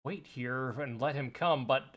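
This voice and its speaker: A man's voice: medium pitch, measured pace. A man playing a tabletop game in casual chat, blunt and swearing freely. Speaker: player.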